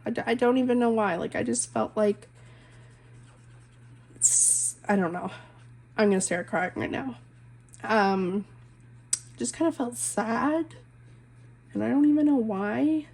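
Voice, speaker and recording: A young woman in her twenties talks to her viewers in a loose, confessional way while she colors. Her voice sits a little high and is full of vocal fry. She rambles and keeps cutting herself off with "like" and "um.". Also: a little slow, pauses often, darkish tone. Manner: rambling, heavy use of "like" and "um", self-interrupting. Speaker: coloring channel host, stay-at-home mom.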